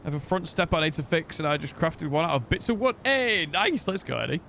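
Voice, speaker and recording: A British man chatting loosely with his stream viewers, his voice slightly high for a man. He rambles, jokes at his own expense and swears casually. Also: expressive, a little fast, gravelly, bright, forceful tone, a little hiss or hum. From United Kingdom. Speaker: game streamer. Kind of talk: casual live-stream chat.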